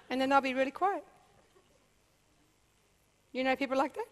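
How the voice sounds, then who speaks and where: High-voiced woman addressing a seminar. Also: moderate pace, a little hiss or hum. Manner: animated, checks in with the audience often. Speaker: business speaker. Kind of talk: seminar talk to a live audience.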